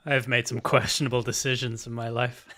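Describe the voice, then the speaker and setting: A man's voice: mid-range voice, flat delivery, a little fast, pushed and bright. A man hosting a casual podcast with friends, teasing them and laughing often. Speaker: podcast host. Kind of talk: casual chat.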